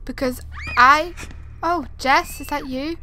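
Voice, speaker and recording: Young woman gamer, high voice, frightened and rambling horror commentary, noisy background. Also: slow pace, sharp tone. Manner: frightened, rambling, repeats herself, talks to viewers. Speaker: gaming video creator. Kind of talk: live horror game commentary.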